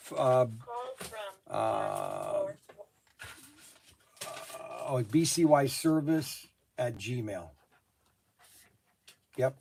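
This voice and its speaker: A middle-aged man, a hobby shop owner, taking phone calls and exclaiming in loud disbelief, often repeating himself. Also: medium pitch, wildly swooping pitch, drawn-out words, creaky, long pauses, a little hiss or hum. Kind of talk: phone calls during a work livestream. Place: his toy shop.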